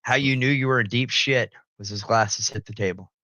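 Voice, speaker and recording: A young man hosts a casual talk, telling family stories with lots of energy, breaking into loud, high-pitched quoted voices and laughing often. He speaks at a moderate pace. The audio is poor, with no room sound.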